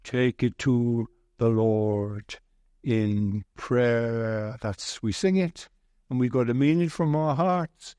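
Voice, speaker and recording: A man preaching a sermon slowly and deliberately, telling a gentle humorous story along the way. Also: medium pitch, dry recording, studio quality.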